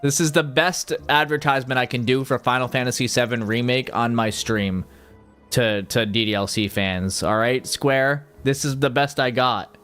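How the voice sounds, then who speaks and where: A man's voice: mid-range voice, steady tone, moderate pace, a bit bright, clear, resonant tone, soft background music. A man streaming casually, rambling and joking about games and mocking himself. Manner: rambling, jokey, self-mocking. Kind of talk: casual livestream chat.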